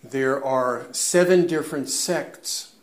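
A man's voice: medium pitch, takes it slowly. Earnest man minister, roomy sound. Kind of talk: personal testimony. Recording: roomy echo.

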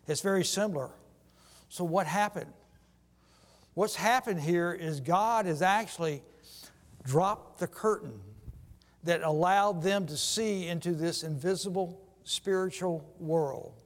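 A male preacher tells scripture as a story, speeding up and slowing down to stress points. His voice sits high for a man, and the long echo of a large hall trails after every phrase. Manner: storytelling retelling of scripture, shifting pace for emphasis. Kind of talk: sermon.

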